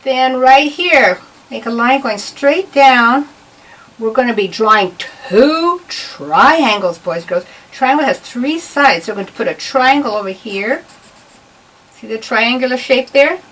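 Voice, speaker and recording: A woman's voice: on the high side, expressive, unhurried, fairly bright tone. A woman giving a patient, step-by-step drawing lesson to children. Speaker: art teacher. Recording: voice a bit far from the mic.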